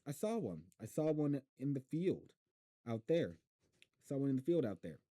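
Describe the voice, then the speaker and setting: A man voicing an excited young boy urging others to stop the car. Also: medium pitch, slow, no room sound, studio quality, voice pushed up. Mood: urgent. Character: excited boy shouting about a raptor.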